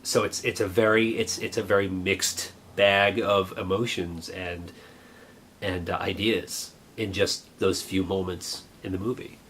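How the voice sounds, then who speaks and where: A middle-aged man reminisces in a somewhat low voice, earnest and reflective. He speaks haltingly, circling back and restarting his thoughts, over faint background noise. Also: little pitch movement, a bit bright. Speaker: vlogger. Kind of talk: personal reminiscence.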